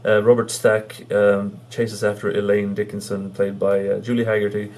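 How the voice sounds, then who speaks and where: A man with a lowish voice chatting through a casual movie review. He talks in halting bursts, full of ums and restarts, and chuckles as he recounts the jokes he loves. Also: completely flat delivery, darkish tone.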